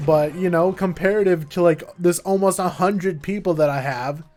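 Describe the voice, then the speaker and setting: A man's voice: high-pitched, normal speed, a little mellow. A young American man streaming live, chatting casually and rambling with lots of "like" and self-mocking jokes.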